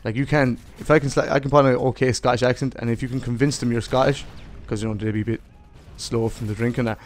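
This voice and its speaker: This gaming vlogger from Ireland, young and Irish-accented, delivers a rambling, profane and jokey casual rant to the camera. He talks fast in a medium pitch with fairly even intonation, over slight background noise.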